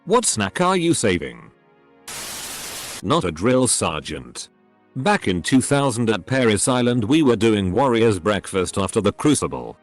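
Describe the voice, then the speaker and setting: A man's text-to-speech voice narrating online posts as scripted story readings, with odd phrasing and pauses. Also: on the low side, big pitch swings. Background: faint background music.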